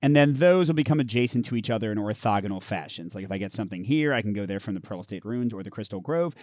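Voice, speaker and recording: Male host for a card game playthrough: casual, explanatory, reads flavor text aloud, animated delivery, dry sound. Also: lowish voice, fast talker, no room sound. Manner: chatty, explains rules while reading story text. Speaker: host of a board game channel.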